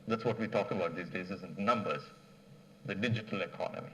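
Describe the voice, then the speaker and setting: A man telling a folk tale in an animated, digressive way, full of fillers. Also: sits low, quick pace, slight background noise, rough recording. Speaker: speaker at a management association. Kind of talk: storytelling talk.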